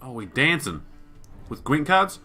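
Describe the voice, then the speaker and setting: A man's voice: mid-range voice, big pitch swings, unhurried, bright, forceful tone, soft background music. A man doing let's play commentary, thinking aloud, reading on-screen text and swearing casually. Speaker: gaming YouTuber.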